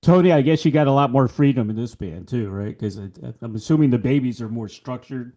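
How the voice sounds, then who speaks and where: A man hosting a casual interview, upbeat, asking questions and chiming in with quick affirmations. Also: medium pitch, warm tone. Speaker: interviewer host.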